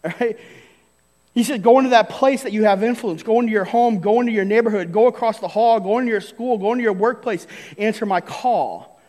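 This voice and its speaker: A man's voice: high voice, a little fast, darkish tone, big-room sound. A man preaching a sermon as pastor, emphatic and punctuated with "right?" and short laughs. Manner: emphatic, frequent "right?" tag questions, laughs between points. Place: church hall.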